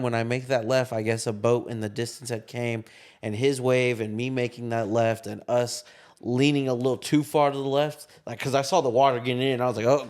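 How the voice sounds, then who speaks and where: A man's voice: mid-range voice, clean tone. Young man telling a story in a parked car. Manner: animated storyteller, acts out quotes, swears freely. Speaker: podcast co-host. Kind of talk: casual storytelling chat.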